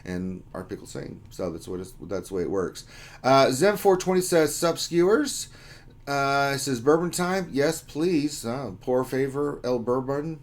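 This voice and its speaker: A man's voice: medium pitch, expressive, a little slow. Male stream host, casual chat delivery, reads viewer messages with jokes. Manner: reads out chat names, jokey and upbeat. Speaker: livestream host.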